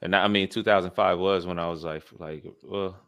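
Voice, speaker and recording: Deep-voiced, laid-back young man. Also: steady tone, fairly quick, a bit bright, smooth, no echo, studio quality. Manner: laid-back, hesitant, reflective. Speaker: podcast co-host. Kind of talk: casual chat.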